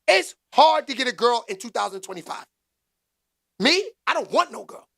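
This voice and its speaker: A man hosting a casual live stream, talking with the chat in slangy street talk and bursting into loud exclaims. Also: extremely high pitch, sing-song, normal speed, vocal fry. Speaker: livestream commentary host.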